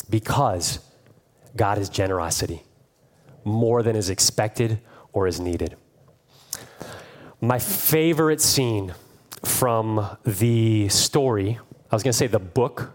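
A man's voice: on the low side, moderate pace. Man preaching a casual sermon. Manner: storytelling, conversational, with playful acted quotes. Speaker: pastor.

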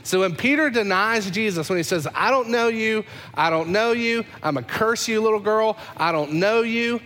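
Animated, repetitive preacher man. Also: a little high, in a large hall, a little hiss or hum. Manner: conversational and animated, with repeated phrases. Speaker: pastor. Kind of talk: sermon.

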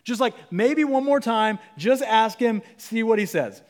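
A man's voice: very high voice, animated, measured pace, voice pushed up. A pastor voicing an impatient male king who pleads insistently and whines. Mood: pleading. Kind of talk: sermon storytelling.

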